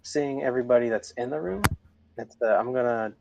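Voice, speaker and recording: Gravelly man, hesitant, lo-fi mic. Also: mid-range voice, noisy background. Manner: hesitant, many pauses and fillers. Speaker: player. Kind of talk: casual in-character play.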